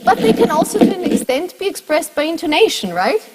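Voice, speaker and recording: A woman's voice: very high-pitched, big pitch swings, fairly quick, a little mellow, in a large hall, low-quality recording. A woman lecturing a university class, explaining step by step and putting questions to her students.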